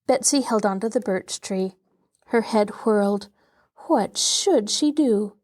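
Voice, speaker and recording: A woman host reading a children's novel aloud in an expressive, dramatic way. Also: mid-range voice, takes it slowly. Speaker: host and storyteller.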